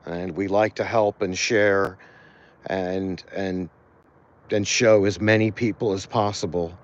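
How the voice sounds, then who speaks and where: A tired man talks casually as an animal rescue volunteer in a livestream walkthrough, halting often and filling pauses with fillers and restarts. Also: fairly low pitch, muffled recording. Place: outdoors by a cat shelter.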